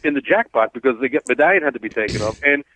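A man's voice: mid-range voice, lively intonation, racing, a bit bright, dry recording. A man, a cab driver hosting a talk radio show, blunt and rambling as he tells stories. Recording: tinny phone-like dry sound.

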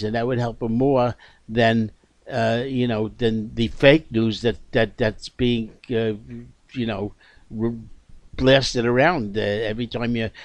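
A man speaking as a guest on a talk show, emphatic and halting, full of fillers. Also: medium pitch, no room sound. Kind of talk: casual talk show discussion.

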